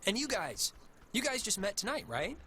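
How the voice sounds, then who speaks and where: An actor playing a chatty, excitable teenage boy in a video game, rambling and joking as he talks. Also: sits high, moderate pace, full character voice. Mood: teasing. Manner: rambling, animated, jokey.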